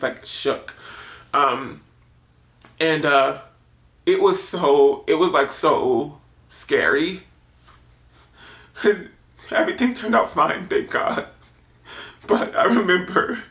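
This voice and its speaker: A man in his twenties talks straight to camera in a casual confessional vlog, rambling through his thoughts with plenty of filler words and nervous laughs. His voice sits a little high and sounds bright and forward. The room around him gives a noticeable echo. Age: 20s. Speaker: YouTuber. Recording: roomy echo.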